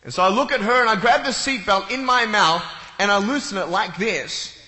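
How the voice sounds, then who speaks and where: Male speaker on stage, high and very bright voice, playful comic storyteller, long hall reverb. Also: moderate pace. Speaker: motivational speaker. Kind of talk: comic talk to a live audience. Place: large hall with an audience.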